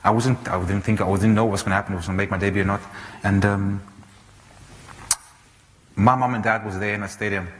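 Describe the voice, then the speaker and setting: A man in his thirties from South Africa, giving an animated storytelling talk on stage, full of restarts and fillers. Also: fairly low pitch, fast, long pauses. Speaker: speaker. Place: large auditorium. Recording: reverberant hall, faint noise.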